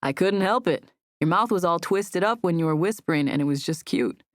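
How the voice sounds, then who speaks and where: Woman voicing a quiet wry young guy, lowered voice, dry. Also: animated, a little fast, no echo, lightly acted. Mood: modest. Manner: understated, modest. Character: reserved young man, modest and wry.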